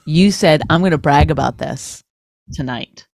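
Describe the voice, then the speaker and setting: A woman's voice: low-pitched, unhurried, gravelly, a little mellow, no room sound, studio quality. A middle-aged woman from Canada, co-hosting a podcast in an exasperated, teasing, bickering chat. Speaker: podcast co-host.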